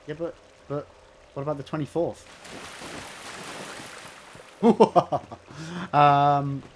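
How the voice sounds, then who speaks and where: English male streamer, raised lively voice, teasing banter and swearing, noisy recording. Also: fairly high pitch, drawn-out words. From England. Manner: teasing, swearing, sudden outbursts at the game. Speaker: gaming streamer. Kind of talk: live gameplay commentary with chat banter.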